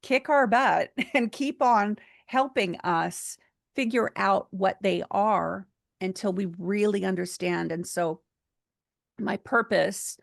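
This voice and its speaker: A woman's voice: mid-range voice, slow pace, vocal fry, no echo, studio quality. A woman giving a seminar talk, earnestly telling a personal story in a chatty way with many fillers. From United States. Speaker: seminar speaker.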